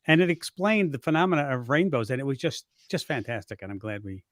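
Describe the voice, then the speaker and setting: A man's voice: medium pitch, fast, no echo, clean studio sound. An older man hosting a radio show, casually joking and reading trivia questions on a video call. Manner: relaxed, joking, restarts sentences.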